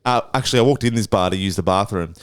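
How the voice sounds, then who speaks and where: A man's voice: fairly low pitch, racing, smooth, no echo, clean studio sound. Swearing man telling stories. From Australia. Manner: animated, swears a lot, acts out voices in anecdotes. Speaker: podcast co-host. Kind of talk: casual storytelling chat.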